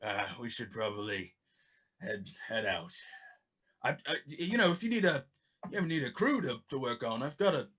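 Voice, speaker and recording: A man doing a quiet, easygoing tentacled pirate. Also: medium pitch, big pitch swings, moderate pace, pitched below the performer's own voice. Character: friendly laid-back male pirate captain with tentacles.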